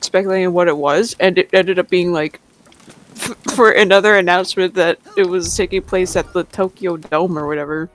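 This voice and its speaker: A woman's voice: on the low side, steady tone, a little fast. A woman on a game stream chatting casually, telling a story full of "like" and giggles. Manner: chatty, filler-heavy, giggly. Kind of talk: casual chat while gaming.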